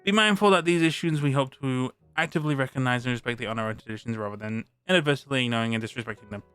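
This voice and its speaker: A British man reads a tabletop rulebook aloud on his stream, stopping to restart words and chat between sections. His voice is bright and crisp. It sits close and dry on the mic, with faint music playing underneath. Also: mid-range voice, rapid-fire, no echo. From Britain. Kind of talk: live-stream rulebook read-through.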